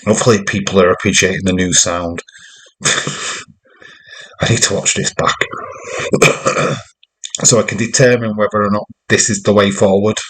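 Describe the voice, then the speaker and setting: A man's voice: on the low side, fairly bright tone, low-quality recording. A man giving rambling, jokey running commentary while hosting a live wrestling watch-along stream.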